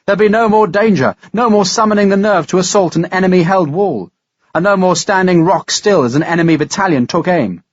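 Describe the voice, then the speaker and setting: A man narrating a historical audiobook in a measured, dramatic reading style. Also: a little high, dry recording, lo-fi sound. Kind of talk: scripted narration.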